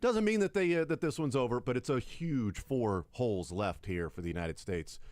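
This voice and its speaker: A man's voice: medium pitch, animated, normal speed, darkish tone, no echo. A man hosting a sports radio show, talking casually and animatedly about golf. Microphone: studio microphone.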